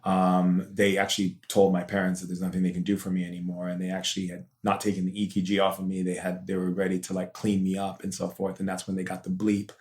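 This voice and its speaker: A man's voice: sits low, monotone, fast, hardly any pauses, darkish tone. A man being interviewed on a podcast as a spiritual teacher, telling a personal story in an intense, emotional way. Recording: roomy echo.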